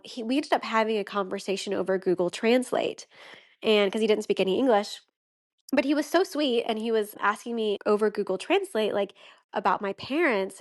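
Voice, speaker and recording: Young woman on a podcast telling her story, emotional, lots of likes and ums. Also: mid-range voice. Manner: emotional, heartfelt, frequent "like" and "um". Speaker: podcast guest. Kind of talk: personal storytelling.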